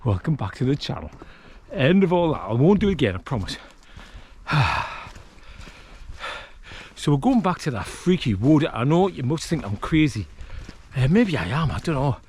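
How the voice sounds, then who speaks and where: A man's voice: a little high, big pitch swings, moderate pace, long pauses, darkish tone, a little hiss or hum. A man talking casually to camera while wild camping in a woodland, rambling and self-deprecating. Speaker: vlogger, outdoor camper.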